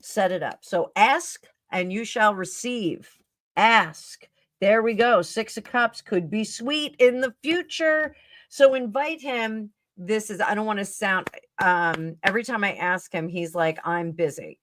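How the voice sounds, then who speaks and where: A middle-aged woman hosts a live tarot stream in a loose, rambling way. She chats with viewers, drifting between topics and correcting herself. Her voice sits at an ordinary middle pitch. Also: unhurried, fairly bright tone, no echo. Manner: chatty and rambling, with frequent fillers and self-corrections. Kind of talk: casual live-stream chat and tarot reading.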